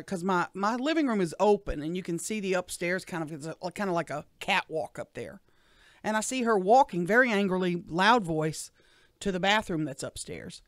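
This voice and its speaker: A middle-aged woman, a radio show guest telling a personal story in an animated way. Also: lowish voice, no echo, studio quality. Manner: animated storyteller, acts out what others said.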